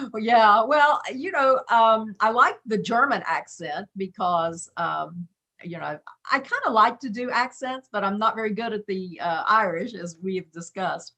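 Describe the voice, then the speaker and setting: A woman's voice: medium pitch, unhurried, fairly bright tone. A woman, a stage actor, chatting upbeat and giggly on a video call. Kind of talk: casual video call chat.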